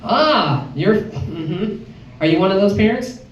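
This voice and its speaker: A woman's voice: expressive, slow pace, dull audio. A woman in her fifties from Chicago doing a brash stand-up set and acting out voices. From Chicago, Illinois. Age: 50s. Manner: brash, acts out voices with big pitch jumps. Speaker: stand-up comedian. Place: comedy club stage. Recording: echoey club from far off, faint noise. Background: audience laughter.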